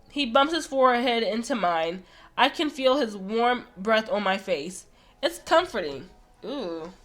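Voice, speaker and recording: A woman reading a visual novel aloud for her channel, gushing and excitable between passages. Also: on the high side, a little slow. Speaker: let's play host.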